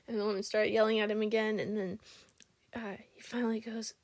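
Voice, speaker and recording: A woman's voice: fairly high pitch, flat delivery, measured pace, long pauses, a little mellow, no echo. Rambling, chatty young woman vlogger. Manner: rambling, chatty, with many fillers and giggles. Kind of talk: casual storytelling vlog.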